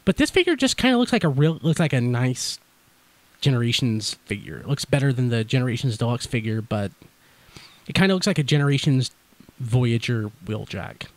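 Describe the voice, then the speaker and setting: A man hosts a podcast in loose, casual chat, his words tumbling out fast and running together. His pitch jumps around a lot as he talks, and he sounds wide awake and buzzing with energy. The sound is dry and close, with no room around it. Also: very animated, dry recording. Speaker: podcast host.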